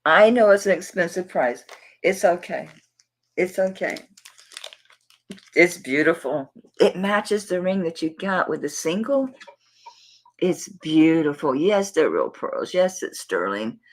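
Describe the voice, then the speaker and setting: A middle-aged woman with a Southern accent chats her way through a live jewelry auction. Her voice sits on the low side but bounces animatedly up and down. She is warm with viewers and calls them baby. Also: lively intonation, slow pace, rough recording. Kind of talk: casual livestream chat.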